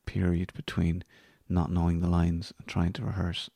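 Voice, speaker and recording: An Irish podcast host with a very low, gravelly voice and a dark tone. He rambles and jokes about himself, and his words sometimes drop to a husky near-whisper. The recording is dry and close. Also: monotone, moderate pace, dry recording. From Ireland. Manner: rambling, self-deprecating, trailing into whispers. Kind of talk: casual solo podcast sign-off.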